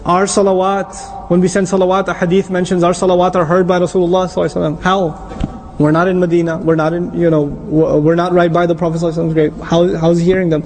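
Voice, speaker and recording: A middle-aged man giving an animated religious lecture as an Islamic teacher, often quizzing his audience. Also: high-pitched, racing, slight background noise.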